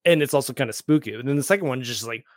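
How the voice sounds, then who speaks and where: A man hosting a casual podcast chat, animated and laughing, with the hiccups. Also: very fast, no room sound, clean studio sound. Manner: animated, laughing, mimics characters in high voices. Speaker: podcast host.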